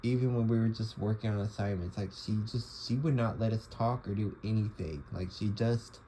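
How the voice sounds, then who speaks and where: A man's voice: fairly low pitch, normal speed, dark tone, slight background noise, rough recording. A young man talking casually to the camera, rambling with lots of fillers and restarts. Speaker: vlogger. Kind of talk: casual monologue.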